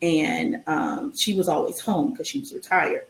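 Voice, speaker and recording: A woman guest telling a long personal story in a casual interview, animated and full of ums and restarts. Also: fairly low pitch, measured pace, reverberant, poor audio.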